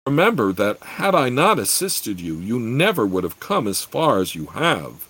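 A man's voice: mid-range voice, big pitch swings, moderate pace, fairly bright tone, husky. A man voicing a haughty male demon king who speaks in a commanding, falsely soothing way, in an audiobook.

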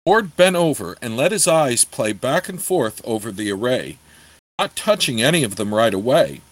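A man reading a fantasy novel aloud in a steady storytelling manner. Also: medium pitch, normal speed, no echo, rough recording. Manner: steady storytelling, apologizes for page turns. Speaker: audiobook reader.

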